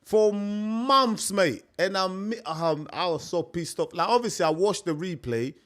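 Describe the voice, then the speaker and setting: Young man, higher-pitched voice, casual live-stream chat, rambling and repetitive. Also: lively intonation, a little slow, fairly bright tone. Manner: chatty, repetitive, peppers talk with "mate".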